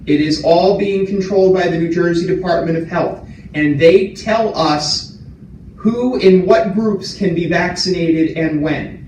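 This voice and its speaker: A man's voice: sits high, unhurried, a little mellow. A man giving a town hall update as a community administrator, speaking plainly and repeating key points to reassure his audience. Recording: roomy, distant, faint room hum.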